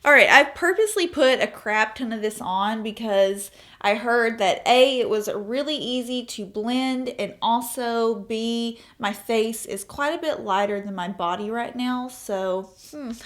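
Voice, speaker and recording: A woman's voice: fairly high pitch, unhurried, a bit bright. A 25-year-old woman chatting casually through a makeup tutorial, telling stories with asides and laughs. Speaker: beauty vlogger.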